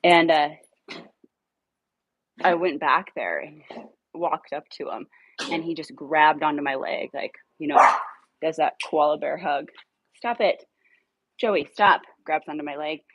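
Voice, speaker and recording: A woman casually telling a dog rescue story, animated, swearing now and then and acting out her own lines. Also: a little slow, long pauses, no echo, dull audio. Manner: animated, acts out her own dialogue in a higher voice; swears casually when irritated.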